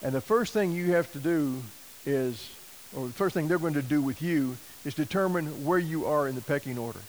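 A man tells a story from the pulpit in a folksy, animated sermon style, acting out the lines of the people in it. His voice sits a little high for a man. A faint hiss runs under the recording. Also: moderate pace, rough recording. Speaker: missionary preacher.

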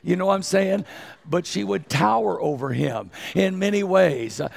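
Older male preacher, 60s, very gravelly and hoarse, joking and self-deprecating. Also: high voice, normal speed. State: hoarse from a cold. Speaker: evangelist preacher. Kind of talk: folksy sermon opening.

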